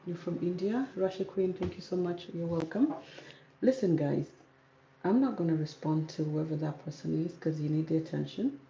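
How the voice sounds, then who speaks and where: A woman from South Sudan, speaking calmly and softly in a casual livestream Q&A as a YouTuber, reading out viewer comments. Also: fairly low pitch, moderate pace, vocal fry, echoey room, muffled recording, a little hiss or hum. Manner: calm, soft-spoken, reads out viewer comments. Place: home room with ring light. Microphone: camera on ring light.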